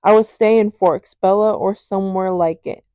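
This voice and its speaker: A woman reading the lines of a calm, brooding young man in a quiet, grave way, close to her own voice. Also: medium pitch, normal speed, dry recording, lightly acted.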